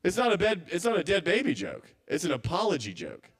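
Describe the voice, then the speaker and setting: A man works through a stand-up set at a small live open mic. His voice sits a little high, and he rambles, stammers and restarts as he second-guesses his own material. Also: wildly swooping pitch, a little fast.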